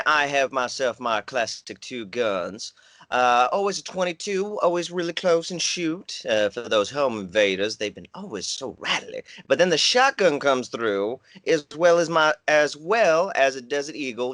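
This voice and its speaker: In a comedy sketch over a video call, a man plays a rambling, gun-loving job candidate from the South, using a Southern US accent and oddly formal wording. His voice is mid-range and fairly bright, with no echo.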